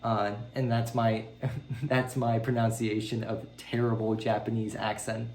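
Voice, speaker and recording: A man talking casually in a video diary about learning a language. He rambles with many ums and jumps his pitch up when he quotes his own reactions. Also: level tone, unhurried, darkish tone, reverberant, slight background noise.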